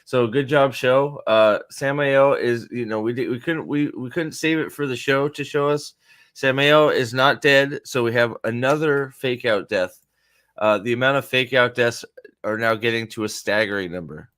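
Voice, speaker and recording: A man's voice: mid-range voice, normal speed, fairly bright tone. A man hosting a casual reaction commentary, rambling, profane and sarcastic, with frequent restarts. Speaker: host.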